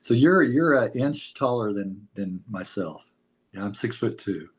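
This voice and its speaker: American male interviewer, relaxed chatty delivery, laughs easily. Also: lowish voice, unhurried. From United States. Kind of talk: casual interview chat.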